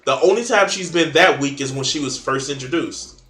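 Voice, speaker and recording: A man's voice: a little high, moderate pace, pushed and bright, roomy sound. A man in casual chat, blunt and opinionated, swearing freely while arguing about comics.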